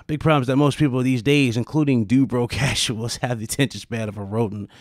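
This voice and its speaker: A man's voice: medium pitch, fairly even intonation, moderate pace, no echo, clean studio sound. A man hosting a casual gaming podcast, brash and profane, laughing often. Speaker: gaming channel host.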